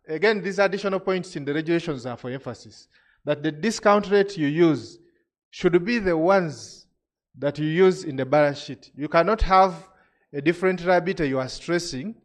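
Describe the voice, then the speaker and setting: Man, slightly high voice, technical briefing, step-by-step, frequent restarts. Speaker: regulator presenter. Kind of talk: technical presentation to industry.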